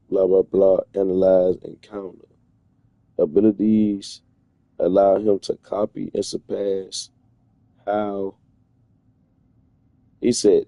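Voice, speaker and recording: Gravelly dude w/ going off in disbelief on stream, mellow tone. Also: male voice, on the low side, no echo. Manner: incredulous, profane, rambling rants. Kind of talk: casual reaction commentary.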